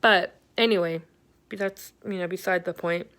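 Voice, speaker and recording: Middle-aged woman vlogger, candid and rambling, clear smooth voice, venting health update. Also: lowish voice, fairly even intonation, moderate pace, fairly bright tone. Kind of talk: personal health update vlog.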